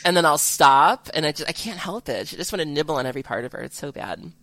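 A woman's voice: sits low, animated, fast, a bit bright, no echo. A woman hosting a casual podcast chat, rambling and laughing at herself. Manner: laughing, rambling, self-deprecating. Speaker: podcast host.

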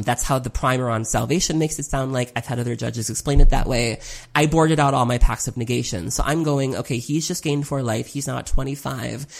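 A gravelly, fry-edged voice at a middle pitch tells a long tournament story in a loose, unscripted way. The speaker leans on filler "um"s, swears here and there, and keeps turning the blame back on themself. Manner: rambling, self-critical, frequent ums, occasional swearing. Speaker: competitive card game player. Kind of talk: casual spoken recap.

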